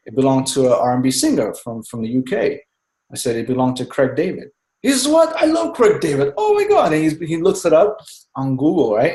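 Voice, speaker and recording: Excited, rambling man on an echoey call. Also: medium pitch. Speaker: team member speaking on a group call. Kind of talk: casual chat on a conference call.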